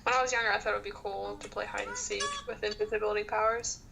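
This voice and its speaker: A woman's voice: mid-range voice, little pitch movement, fast, vocal fry, noisy background. A young woman guest on a podcast in casual chat, laid-back, giving short answers and giggling often.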